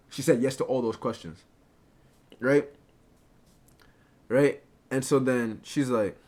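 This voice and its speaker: A man's voice: lowish voice, moderate pace, pauses often, darkish tone. A young man casually telling a personal story to a live chat, rambling and filling with "right?" and "like". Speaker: storyteller streamer.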